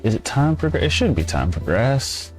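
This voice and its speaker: A man's voice: mid-range voice, very animated, normal speed, faint music behind. A man streaming a farming game, chatting casually and rambling as he answers his viewers' chat. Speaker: gameplay streamer. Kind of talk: casual live-stream commentary.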